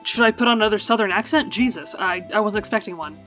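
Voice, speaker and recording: Woman let's-player, casual commentary, mid pitch, faint game music behind. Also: quick pace, a bit bright. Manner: chatty, self-deprecating. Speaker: let's play host.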